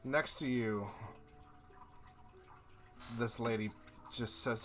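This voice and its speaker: A male game master narrates a tabletop game in leisurely, descriptive passages. His voice is low and unhurried, with a bright, forward tone. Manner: slow, descriptive scene-setting narration.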